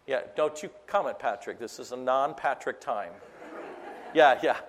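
A middle-aged man preaching a sermon to a live audience. He swings between loud, emphatic preaching and quiet, chatty storytelling asides. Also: mid-range voice, moderate pace, big-room sound, slight background noise. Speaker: pastor.

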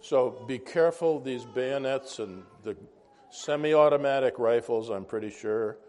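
A man's voice: mid-range voice, unhurried, darkish tone. A man teaching an informal Bible class, conversational and wandering into asides, asking the class questions.

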